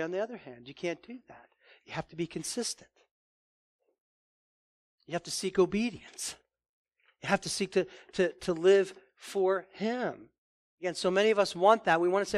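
High-voiced forceful male preacher. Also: normal speed. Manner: forceful, rising to emphatic declarations; often restarts and repeats words. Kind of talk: sermon.

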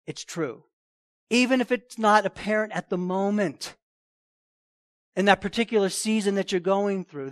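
A man preaching a sermon, emphatic, repeating key phrases and swinging between loud and hushed delivery. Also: high-pitched, no room sound, studio quality. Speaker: pastor.

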